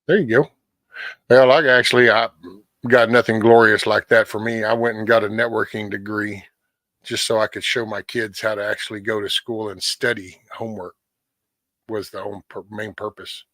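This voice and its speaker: A middle-aged man talks in a relaxed, meandering way to his viewers, full of folksy asides and casual swearing. His voice sits low, and the sound is close and dry with no room around it. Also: normal speed, no room sound. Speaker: host of a morning livestream. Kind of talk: casual morning chat with viewers.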